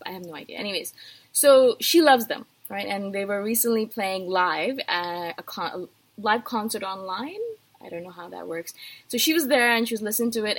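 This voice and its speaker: Woman podcast host, higher pitch, airy breathy tone, casual and chatty. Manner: chatty, animated, self-deprecating. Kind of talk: casual solo talk.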